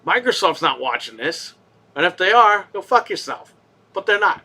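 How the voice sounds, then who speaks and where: A man hosts a live gaming stream in a high, bright voice. He rants with heavy swearing and heat. He swings from low grumbling to loud outbursts. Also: very animated, moderate pace. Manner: profane, heated ranting. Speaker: gaming podcast host.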